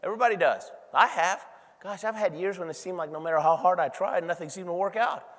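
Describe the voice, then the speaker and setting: A man giving a motivational keynote speech at a convention, telling stories in an animated way and laughing often. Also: high-pitched, fast. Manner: animated storytelling with frequent laughs. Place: large convention hall. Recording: long hall reverb.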